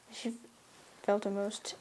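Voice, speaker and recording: In scripted audiobook narration, a woman tells the story of a classic novel with measured, expressive delivery. Her voice sits in the mid range.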